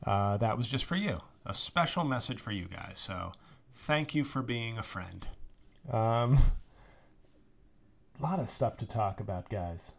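A man's voice: on the low side, expressive, a little slow, vocal fry, pauses often. A man hosting his own podcast, talking in a rambling, sarcastic way, swearing freely and griping about movies. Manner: sarcastic, rambling, swears freely, mocks actors with put-on voices. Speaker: podcast host. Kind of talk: casual solo podcast monologue.

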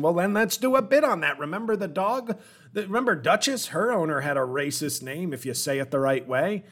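A man's voice: fairly high pitch, expressive, brisk. Man, forties, podcast host, comedic rant, self-mocking, wry, meandering. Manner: rambling, self-deprecating, wry. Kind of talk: comedic solo monologue.

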